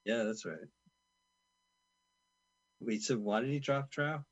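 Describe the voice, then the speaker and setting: A man's voice: mid-range voice, slow pace, creaky, lo-fi sound. A man co-hosting a casual watch-along chat, teasing his partner in dry banter. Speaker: podcast co-host.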